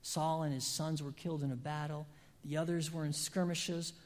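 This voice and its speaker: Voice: medium pitch, little pitch movement. Preacher in a reverberant hall. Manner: emphatic, with dramatic pauses and swings from loud to hushed. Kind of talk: sermon.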